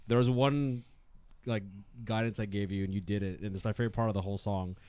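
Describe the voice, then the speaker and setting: A man's voice: lowish voice, fairly even intonation, fast, darkish tone, smooth. A man, a band member guest, eagerly telling a story in casual podcast chat.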